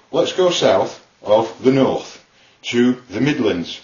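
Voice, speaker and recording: British man, comic monologue, deadpan asides, lively voice, roomy distant dull sound. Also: mid-range voice, unhurried. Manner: deadpan asides, keeps saying "okay". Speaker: comedian. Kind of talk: comic monologue touring accents.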